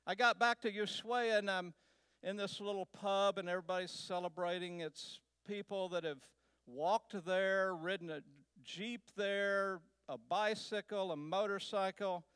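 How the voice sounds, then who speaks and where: A man from Texas, a guest speaker, telling a personal travel story to a church in a slow, unhurried way with pauses. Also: high-pitched, steady tone, fairly bright tone, clean tone, no echo. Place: church sanctuary.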